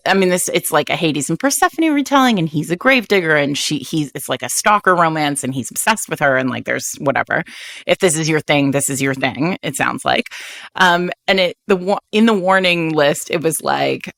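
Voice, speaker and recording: A woman's voice: lowish voice, animated, moderate pace, vocal fry, a bit bright, no echo. A woman co-hosting a podcast in casual chat, playful and rambling. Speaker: podcast co-host.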